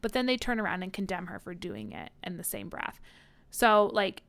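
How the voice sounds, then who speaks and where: Young woman, podcast co-host, casual chat, laughs often, swears, smooth clear voice. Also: mid-range voice, normal speed. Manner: animated, laughing, swears freely. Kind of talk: casual book discussion chat.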